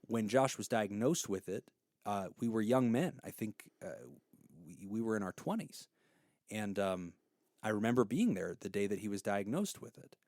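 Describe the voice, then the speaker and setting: A man's voice: lowish voice, expressive, normal speed, darkish tone, no room sound, clean studio sound. A man in his thirties hosting an advice podcast, telling stories and giving counsel in an earnest, heartfelt way.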